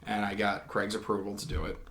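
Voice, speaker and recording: A man's voice: on the low side, completely flat delivery, fairly quick, fairly bright tone, a little hiss or hum. A man, a paranormal investigator guest, earnestly telling a story in a casual podcast chat, with frequent restarts. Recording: roomy echo.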